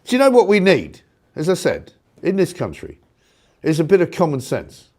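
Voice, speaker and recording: A man hosting a live talk show, delivering a sarcastic, indignant opinion rant with loud outbursts. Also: a little high, huge pitch swings, normal speed.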